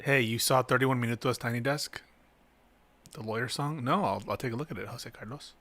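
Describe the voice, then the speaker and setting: A man's voice: medium pitch, fairly quick, bright, forceful tone, no room sound. A man hosting a casual reaction stream, making sarcastic jokes and laughing at the clips. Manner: sarcastic, laughing, joking asides. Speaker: streamer host.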